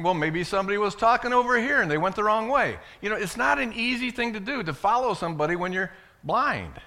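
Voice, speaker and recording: A man preaching a sermon, retelling a Bible story with dramatic swings between loud and hushed delivery. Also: sits high.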